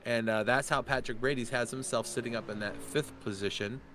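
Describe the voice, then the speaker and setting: A man giving chatty, excitable live commentary on a sim race. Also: medium pitch, a little hiss or hum. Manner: chatty, excitable, quick to laugh.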